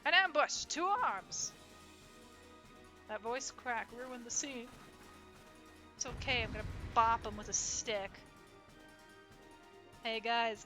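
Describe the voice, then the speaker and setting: A woman streaming a game, chatting playfully with her viewers and reading game lines aloud. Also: on the high side. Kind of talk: casual game streaming with read-aloud dialogue.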